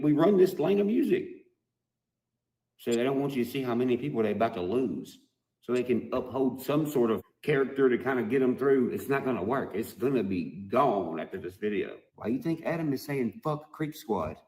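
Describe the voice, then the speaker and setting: A man's voice: mid-range voice, animated, moderate pace, warm tone. A man, a musician, ranting to his fans in a mocking, heavily profane, emphatic way. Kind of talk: profane video rant. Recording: roomy echoey room.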